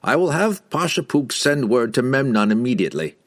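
A courtly male sorcerer from a fantasy audiobook, voiced by a man reading, speaks in a raised, formal and old-fashioned way. The delivery is slow and deliberate over a husky grain. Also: mid-range voice, sing-song, no echo, clean studio sound, pitched above the performer's own voice.

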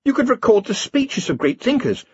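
A man's voice: very high voice, very animated, moderate pace, breathy edge, dry recording, muffled recording, voice pushed up, full character voice. A man doing an eager young wizard scholar.

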